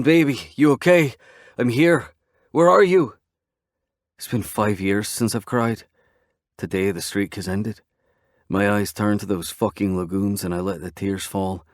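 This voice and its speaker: A man's voice: on the low side, a little mellow, no echo, studio quality. A man giving gritty, intense first-person audiobook narration with a profane edge.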